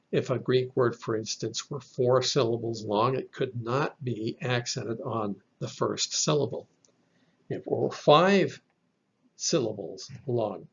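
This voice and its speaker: A man teaching a slide-based lesson on Bible Greek, explaining slowly and patiently with a few fillers. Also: medium pitch, breathy edge, lo-fi sound.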